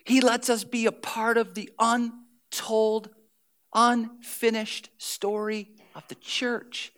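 Male pastor, high clear voice, lively preaching that dips to hushed tones. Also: slow pace. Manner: animated, acts out scenes, drops to near whisper. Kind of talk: sermon.

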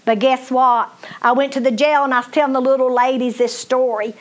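High-voiced woman preaching a testimony. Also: flat delivery, brisk. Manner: folksy, emphatic preaching with direct address. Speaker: minister. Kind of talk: testimony sermon.

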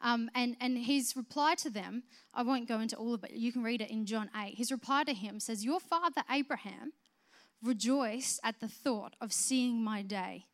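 A woman preaching a sermon, swinging from soft, conversational explanation to loud, emphatic proclamation. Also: fairly high pitch, moderate pace. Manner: conversational, with restarts and filler words.

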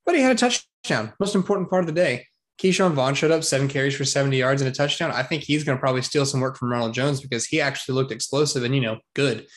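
A man co-hosting a casual football podcast, jokey and excitable, full of slang. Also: medium pitch, quick pace. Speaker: podcast co-host. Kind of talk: casual sports chat.

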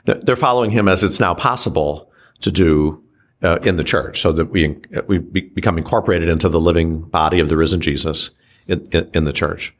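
Archbishop guy with a super deep voice, talking things through slowly. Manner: slow, measured and halting, with frequent restarts. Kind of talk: reflective teaching conversation.

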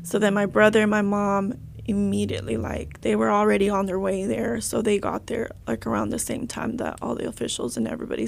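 Young woman with a gravelly voice. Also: mid-range voice. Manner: halting, emotional, many fillers and restarts. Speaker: interviewee. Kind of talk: personal testimony in an interview.

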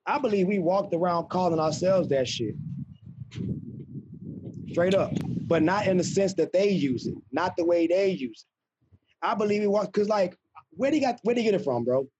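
A man's voice: high-pitched, animated, moderate pace, long pauses, darkish tone, slight background noise. A man hosting a podcast, talking emphatically and with plenty of profanity in casual chat. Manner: emphatic, profane, argues his point. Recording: muffled lo-fi recording.

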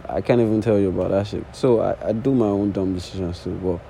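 A man's voice: fairly low pitch, fairly even intonation, fast, gravelly, warm tone, slight background noise, low-quality recording. A man in his early twenties with an accent, rambling casually and swearing in an unscripted solo talk while sitting on the floor. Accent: non-native English accent. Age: early 20s. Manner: rambling, casual, swears often, repeats false starts. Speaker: podcast host.

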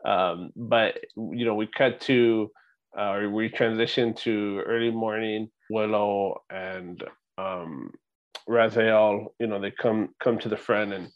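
A man with a lowish voice co-hosts a relaxed movie rewatch show. He recaps the plot scene by scene and keeps asking "right?" along the way. The audio sounds somewhat dull and lo-fi. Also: takes it slowly. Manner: recaps scenes step by step, often checking in with "right?". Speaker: podcast co-host. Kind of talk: casual movie rewatch chat.

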